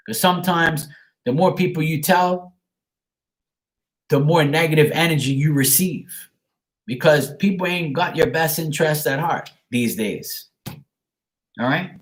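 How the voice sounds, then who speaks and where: A man's voice: on the high side, a little slow, long pauses. A man giving a live-streamed tarot card reading, talking frankly and greeting his viewers by name.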